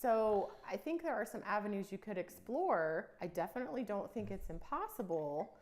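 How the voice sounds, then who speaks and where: A woman's voice: medium pitch, expressive, normal speed, a little mellow. A woman conducting a job interview in a documentary, direct and businesslike.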